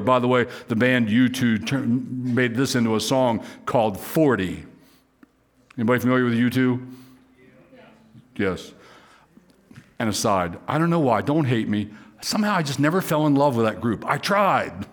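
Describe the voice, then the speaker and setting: A man preaching a sermon in church, talking conversationally with humorous asides and lifting his voice high and loud when he reads scripture or acts out imagined speakers. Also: normal speed. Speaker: pastor.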